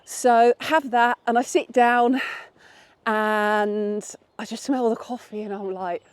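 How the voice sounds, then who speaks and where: A woman's voice: on the high side, fairly even intonation, slow, smooth, dry recording. A woman vlogging in a candid, rambling way, with restarts, while out walking her dog. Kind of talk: casual chat. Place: outdoors on a path.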